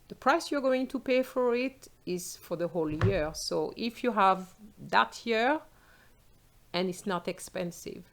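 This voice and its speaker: Slow, patient French woman teacher. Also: mid-range voice. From France. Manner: slow, clear explaining, switching into example phrases. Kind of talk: exam tips lesson.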